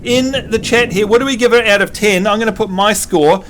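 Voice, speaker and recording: A man's voice: high voice, brisk, fairly bright tone, slight background noise. A man with a mixed New Zealand and Australian accent hosting a game livestream, joking, teasing and laughing often. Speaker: game streamer host. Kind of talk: casual livestream chat.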